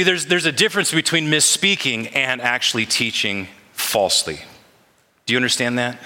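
A man's voice: medium pitch, sharp tone. A man preaching a sermon as pastor, talking conversationally and putting questions to his congregation. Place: church sanctuary. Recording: long reverb of a large hall.

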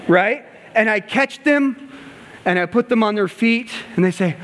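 A man preaching a sermon, telling a story and acting out the dialogue, moving between loud passages and hushed ones. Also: high-pitched, lively intonation, normal speed. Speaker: pastor and gymnastics coach. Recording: long hall reverb.

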